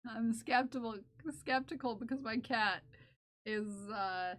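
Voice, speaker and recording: A woman's voice: fairly high pitch, a little slow. A woman hosting a live stream, chatting casually with her viewers and playfully scolding them. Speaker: livestream host.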